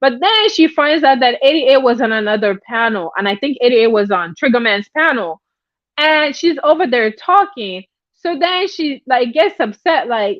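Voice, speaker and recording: A woman's voice: sits high, moderate pace, no room sound, highs cut off. A woman giving casual, chatty gossip commentary, dropping in asides as she tells the story. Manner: chatty, animated, drops in asides like "right?". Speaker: commentary YouTuber.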